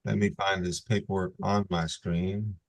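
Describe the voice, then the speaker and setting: Male judge on a video-call hearing; lowish voice, steady and formal, reads plea warnings. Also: moderate pace, creaky.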